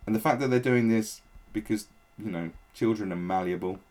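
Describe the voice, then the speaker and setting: A man's voice: on the low side, brisk, darkish tone. A man giving a blunt, profane, sarcastic rant as a political commentator. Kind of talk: ranting opinion commentary.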